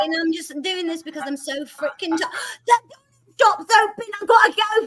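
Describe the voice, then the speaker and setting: Bright high-voiced joking woman. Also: animated, normal speed, dry recording. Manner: joking, teasing, talks a lot. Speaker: chat participant. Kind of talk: casual group chat.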